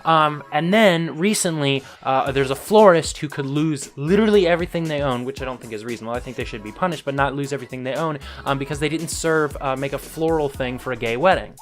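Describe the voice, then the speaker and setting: Animated young man hosting a news vlog. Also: medium pitch, fast, few pauses, soft background music. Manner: animated, ranting, frequent fillers. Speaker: host. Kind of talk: casual news commentary vlog.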